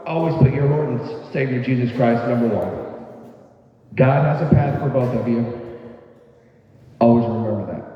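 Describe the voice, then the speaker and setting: A middle-aged man, hoarse as his voice gives out, giving a folksy father-of-the-bride wedding toast full of "all right"s. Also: on the high side. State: hoarse, voice going. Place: wedding reception hall. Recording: echoey hall, far from mic, dull sound.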